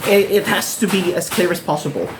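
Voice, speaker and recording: A man's voice: high voice, brisk, noisy background. A man in his thirties from the Philippines with a Filipino accent, earnestly encouraging English learners and repeating himself for emphasis. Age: 30s. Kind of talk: earnest direct-to-camera talk.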